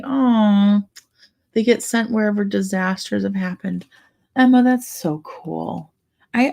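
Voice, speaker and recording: A woman's voice: lowish voice, gravelly, a little mellow. A woman hosting a casual craft livestream, chatting in a rambling way and laughing often. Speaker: livestream host.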